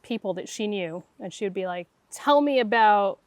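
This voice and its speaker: At normal speed and medium pitch, with no room sound, a middle-aged guest intuitive narrates her story in conversation. Her manner is animated, and she acts out the quoted dialogue of the people in it.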